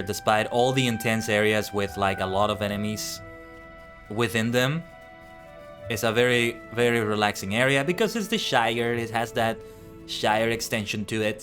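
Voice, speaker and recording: Low-voiced man chatting over gameplay. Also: steady tone, normal speed, fairly bright tone, faint music behind. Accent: non-native English accent. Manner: thinks aloud, rambling and musing. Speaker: VTuber streamer. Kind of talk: casual live-stream gameplay chat.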